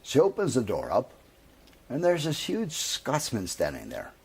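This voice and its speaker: Husky man telling a long joke. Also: medium pitch. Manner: lively, drawn-out storytelling. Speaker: comedian.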